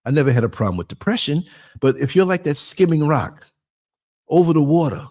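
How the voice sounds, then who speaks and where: This podcast host from New York has a fairly high voice and talks fairly quickly. His motivational monologue is blunt and streetwise, told through lively stories with quotes he performs.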